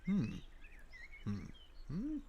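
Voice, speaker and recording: A man's voice: sits high, huge pitch swings, very slow, highs cut off, slight background noise. A young man chatting casually on a live stream, thinking aloud and trailing off into mumbles.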